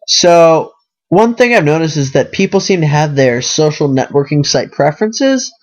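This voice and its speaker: Young male podcast host, higher-pitched, rambly and self-mocking, loose filler-heavy delivery. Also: lively intonation, moderate pace, highs cut off. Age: young adult. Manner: rambling, self-deprecating, fills with "you know" and "like". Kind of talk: casual monologue.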